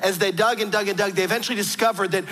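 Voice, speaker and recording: A man's voice: high-pitched, steady tone, racing, fairly bright tone. A man preaching a sermon, telling stories earnestly with frequent restarts. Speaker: pastor. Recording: long hall reverb.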